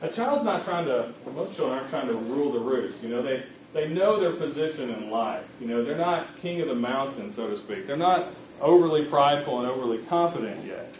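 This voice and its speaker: Delivering a sermon, a man talks to his congregation directly and in a conversational way. He has a medium-pitched, expressive voice and a brisk pace, captured in a roomy, slightly muffled recording with a little hiss or hum.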